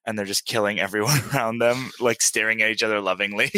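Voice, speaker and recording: A man's voice: fairly low pitch, fairly even intonation, fast, pushed and bright, no echo. A man co-hosting a casual podcast, recapping at length with lots of fillers and laughter. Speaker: podcast co-host. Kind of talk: casual chat.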